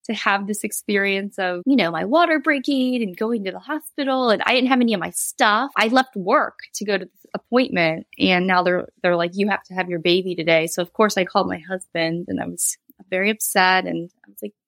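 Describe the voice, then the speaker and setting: A woman's voice: mid-range voice, brisk, few pauses, fairly bright tone, no echo. A woman in her thirties, a guest telling a personal story in a candid, rambling way, with laughs and quoted asides. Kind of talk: casual interview storytelling.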